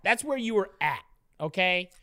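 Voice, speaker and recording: A woman's voice: medium pitch, lively intonation, normal speed, fairly bright tone. A woman co-hosting a podcast, teasing her partner in casual banter, profane and prone to restarts. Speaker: podcast co-host.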